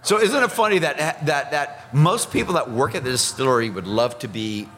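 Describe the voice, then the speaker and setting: A man's voice: medium pitch, moderate pace, soft background music. A man in his fifties from Iowa, a whiskey ambassador, talking emphatically in a casual chat. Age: 50s. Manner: animated, emphatic storyteller.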